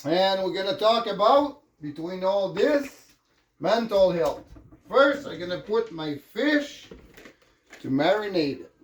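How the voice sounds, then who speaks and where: A man's voice: high voice, lively intonation, slow. A man with a French accent, chatting casually and rambling with jokey asides while cooking in his home kitchen. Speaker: vlogger cooking on camera. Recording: echoey kitchen with faint noise.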